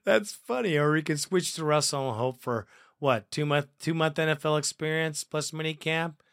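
A man hosting a fan podcast, reading listener comments aloud in a profane, excitable way and laughing often. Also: fairly high pitch, normal speed, no room sound, studio quality.

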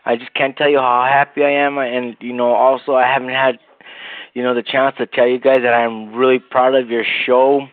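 A man from Bakersfield calling a sports show, excited and rambling, tacking "man" onto nearly every phrase. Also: medium pitch, normal speed, dry recording. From Bakersfield, California. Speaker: caller. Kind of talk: phoned-in fan praise. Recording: tinny phone line.

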